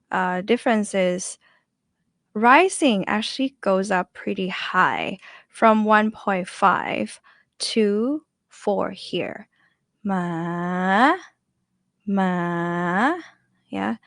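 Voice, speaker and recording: A young woman with a Thai accent gives a casual online pronunciation lesson, chatting away, laughing often, and repeating syllables to show each tone. Her mid-range voice has vocal fry and a fairly bright tone, captured as clean studio sound with no echo.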